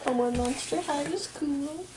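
A woman's voice: high voice, a little slow. A woman filming her kids at home and chatting with them in a playful, joking way. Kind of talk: casual family chat. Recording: loud background noise.

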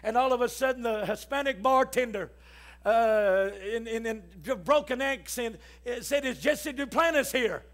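A man preaching a sermon, telling stories and rising to shouts as he calls the congregation to respond. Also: very high voice, normal speed. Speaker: pastor. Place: church.

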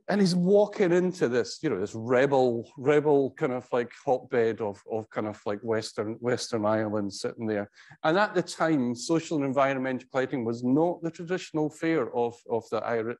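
A middle-aged professor gives an anecdotal tribute speech, conversational and halting, full of wry storytelling and frequent restarts. His voice is medium in pitch with a darkish tone.

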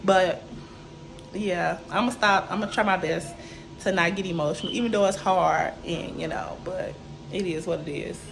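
A woman's voice: lowish voice, fairly even intonation, normal speed, gravelly, music in the background. A tired, emotional woman vlogger giving a casual tour of her new apartment, talking straight to her viewers while holding a phone camera. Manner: chatty, keeps addressing viewers as y'all. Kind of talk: casual home tour vlog. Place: new apartment and building common areas, indoors.

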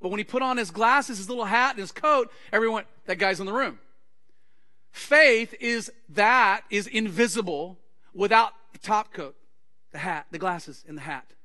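A male pastor preaching a sermon to his congregation, acting out anecdotes and quoted conversations with lively energy. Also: high voice, moderate pace. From Texas. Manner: animated preaching with acted-out anecdotes. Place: church sanctuary.

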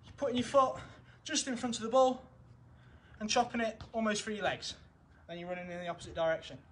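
A man's voice: sits high, fairly even intonation, quick pace, a little hiss or hum. A young man coaching football drills in his garden, upbeat and encouraging, counting down each set while out of breath. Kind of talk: home football drill session. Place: garden, outdoors.

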